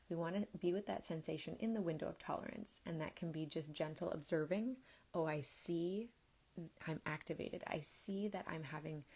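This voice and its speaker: A woman coach teaches over a live stream, taking her time and speaking gently. Her voice sits low and carries a noticeable vocal fry. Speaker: somatics coach.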